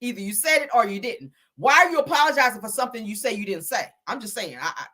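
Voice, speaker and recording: A woman's voice: on the high side, lively intonation, fast, a bit bright. A woman hosting reality TV commentary, blunt and scolding, with frequent swearing. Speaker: commentary host.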